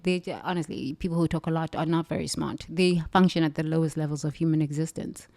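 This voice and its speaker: A woman's voice: fairly low pitch, mellow, no room sound, studio quality. A South African woman giving an intense, emphatic motivational talk, repeating phrases for effect. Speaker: speaker. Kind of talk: forceful motivational monologue.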